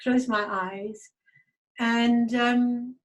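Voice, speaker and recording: Slow, hesitant woman on a video call. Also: a little high, fairly even intonation, lo-fi sound. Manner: hesitant, halting, many fillers and restarts. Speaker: guest speaker. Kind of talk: personal testimony talk.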